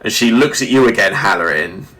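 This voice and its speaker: A man running a tabletop game, describing the action with lots of "sort of" and self-corrections. His voice sits somewhat low but sounds bright and forward. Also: expressive. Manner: halting, full of "sort of" and restarts. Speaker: game master.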